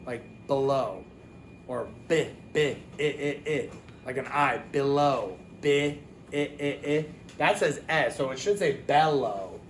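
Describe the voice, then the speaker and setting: A man teaching a phonics lesson to young children, talking casually, with quick asides and self-corrections. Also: a little high, slight background noise.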